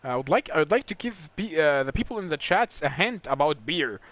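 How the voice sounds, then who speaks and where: A man commentating a sim racing league live, excitable and rambling, stumbling over words when excited. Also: on the high side, fairly quick, no room sound.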